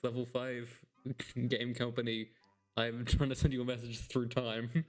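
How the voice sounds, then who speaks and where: A man's voice: medium pitch, level tone, a little slow, darkish tone. A man giving casual let's-play commentary in a mid-range voice. He pokes fun at the game with sarcastic asides and laughs often. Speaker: gameplay commentator.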